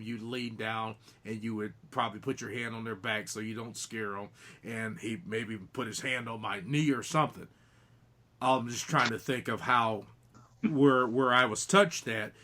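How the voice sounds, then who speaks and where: A man's voice: mid-range voice, a bit bright. A man on a podcast earnestly telling, in detail, about a ghostly encounter during an investigation, often restarting his sentences. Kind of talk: casual podcast storytelling.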